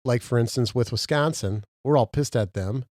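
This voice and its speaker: A man's voice: medium pitch, moderate pace, darkish tone, dry recording, studio quality. Boastful rambling male podcast co-host. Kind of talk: casual podcast banter.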